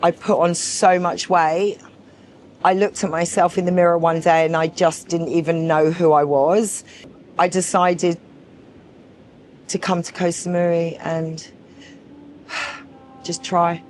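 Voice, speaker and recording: A woman's voice: lowish voice, little pitch movement, slow pace, long pauses, a little mellow, slight background noise. A woman in her forties giving candid personal testimony in a documentary, frank and emphatic, repeating herself for weight and swearing freely. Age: 40s. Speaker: documentary subject.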